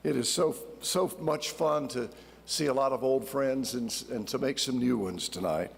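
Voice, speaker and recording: A retired broadcaster in his sixties gives a warm, heartfelt acceptance speech from a podium. His voice has a gravelly edge. The sound carries a long reverb from the large hall. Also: mid-range voice, normal speed. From North Carolina. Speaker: award recipient, retired TV broadcaster.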